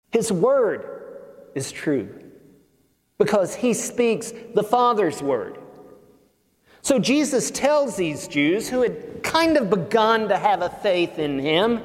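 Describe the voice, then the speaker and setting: A man preaching a sermon as pastor, slow and emphatic, leaning hard on key words. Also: high-pitched, in a large hall. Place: church sanctuary.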